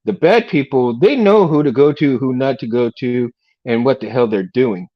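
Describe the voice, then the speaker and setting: A man's voice: medium pitch, animated, moderate pace, lo-fi sound. A middle-aged man hosting a casual livestream, rambling in a laid-back way, laughing often and calling people "man" and "dude". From Texas. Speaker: livestream host.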